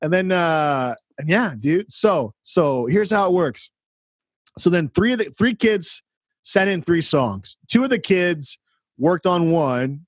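A man on a podcast, telling an excited story and acting out the dialogue in casual chat. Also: on the high side, takes it slowly, no echo. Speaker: podcast co-host, counselor.

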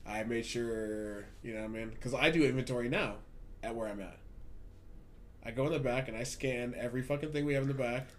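A man's voice: medium pitch, brisk, a little hiss or hum. A man on a podcast telling work stories in a casual, profane, ranting way. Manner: profane, ranting, animated storytelling. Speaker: podcast host. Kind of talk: casual chat. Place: Hollywood.

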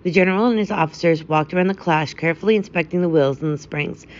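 A woman calmly narrating a classic short story as host of a story podcast. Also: fairly low pitch, quick pace, muffled recording. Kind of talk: scripted narration.

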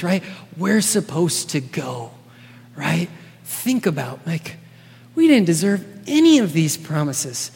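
A man's voice: a little high, lively intonation, unhurried, vocal fry, darkish tone, slightly rough. A man preaching a sermon in a casual, earnest way, often checking in with his listeners by asking "right?". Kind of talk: conversational sermon. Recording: long reverb of a large hall.

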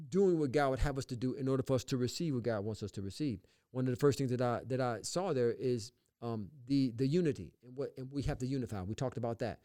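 A man's voice: mid-range voice, mellow. A man in the pastor role on a faith talk show, speaking with an emphatic, repetitive preacher cadence and reading scripture aloud. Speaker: pastor and podcast co-host.

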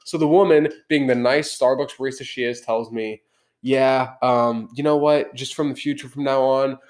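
A man's voice: medium pitch, steady tone, moderate pace, a little mellow. A young man hosting a podcast, telling a heated story in casual chat. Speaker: podcast host. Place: podcast room.

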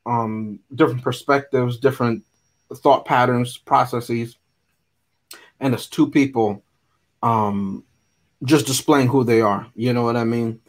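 Male podcast co-host, relaxed and wry, chatting about films. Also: medium pitch, measured pace, long pauses. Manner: wry, joking asides. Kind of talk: casual movie chat.

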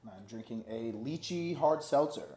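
A man's voice: medium pitch, expressive, moderate pace, roomy sound, a crowd in the background. A man guesting on a podcast, laid-back with dry jokes. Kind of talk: casual chat.

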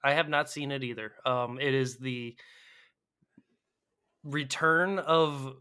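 A man's voice: mid-range voice, takes it slowly, bright, forceful tone, clean tone. A man co-hosting a casual podcast, retelling scenes with swearing and playful impressions of the characters. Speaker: podcast co-host.

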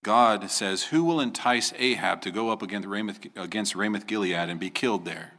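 A man delivers a sermon from the pulpit with a bright, forceful tone. He preaches earnestly, lifting his voice into pointed questions. When he tells a story, he takes on the voices of the people in it. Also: fairly low pitch, moderate pace. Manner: earnest, rising to emphatic questions. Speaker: pastor.

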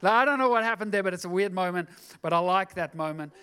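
Brief: male pastor, high pitched, casual sermon with playful asides. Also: fast, bright, forceful tone, clear, resonant tone. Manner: chatty, jokey asides.

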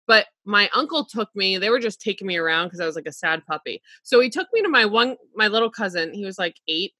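A woman's voice: medium pitch, lively intonation, quick pace, sharp tone, no echo. A woman in her thirties co-hosting a podcast, telling stories in chatty, casually profane talk. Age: 30s. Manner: chatty storyteller, swears casually. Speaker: podcast co-host. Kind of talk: casual chat.

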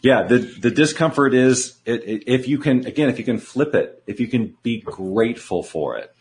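A man's voice: mid-range voice, lively intonation, moderate pace. A man, a guest coach in an interview, explaining his ideas earnestly and repeating key words for emphasis. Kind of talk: conversational interview.

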